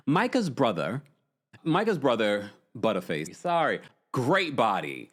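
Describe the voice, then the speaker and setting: Brief: playful male host chatting live, pitch swinging widely, reading out comments. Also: a little slow. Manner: animated and playful, often laughing. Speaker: host of a live reality-TV chat stream. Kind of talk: casual live-stream chat reading viewer comments.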